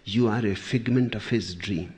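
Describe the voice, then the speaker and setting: A man's voice: on the low side, moderate pace, darkish tone, close to an everyday voice. A man voicing a mocking storybook twin who scolds in raised, emphatic bursts. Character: mocking twin from a children's tale.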